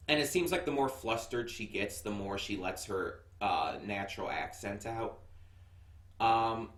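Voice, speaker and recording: Speaking at a measured pace, an American man with a low-leaning, slightly bright voice chats his way through a casual anime review full of fillers and false starts. It's a first-impressions take from the United States, recorded at a distance in a room with echo.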